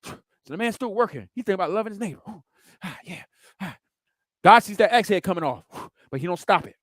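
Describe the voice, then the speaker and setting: A man preaching with a high, lively voice that jumps all over its range. He acts out the scenes he describes with vivid sounds. The sound is dry and close. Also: fast talker, no room sound. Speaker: pastor. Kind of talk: preaching a sermon.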